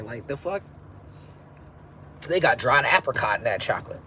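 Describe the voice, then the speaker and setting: A man in his thirties talks casually on a livestream, rambling and dropping slang and swearing as he goes. His voice sits at an ordinary middle pitch, with a faint hiss of noise behind him. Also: lively intonation, normal speed, pauses often, bright, forceful tone, poor audio. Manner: laid-back, profane, rambling with slang. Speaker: livestream host.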